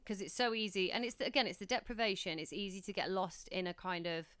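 A woman in her thirties co-hosts a casual podcast, talking things through in a reflective, rambling way. Her voice is very smooth and clear, recorded close and dry with no room sound. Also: mid-range voice, fast, a bit bright, no echo. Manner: chatty, reflective, many restarts. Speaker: podcast co-host. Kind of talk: casual chat.

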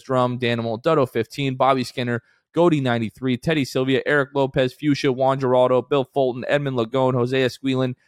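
A man's voice: mid-range voice, smooth, dry recording, studio quality. A man co-hosting a casual sports podcast, talking in an upbeat, rambling way with many fillers. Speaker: podcast co-host.

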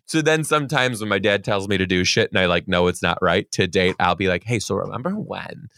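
A man co-hosting a podcast, telling stories in lively, profane casual chat and laughing often. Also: low voice, fast talker, clear, resonant tone, no room sound, clean studio sound.

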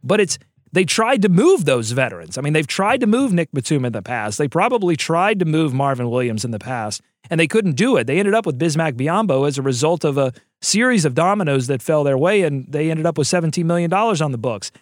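Animated, joking male podcast co-host. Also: fairly high pitch, a little fast, dry recording, studio quality. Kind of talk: casual sports podcast chat.

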